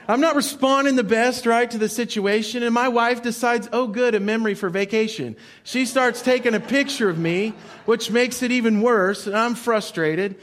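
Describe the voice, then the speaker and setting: High-voiced storytelling pastor. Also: male voice, fairly bright tone. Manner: conversational storytelling, repeats key points. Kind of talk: sermon.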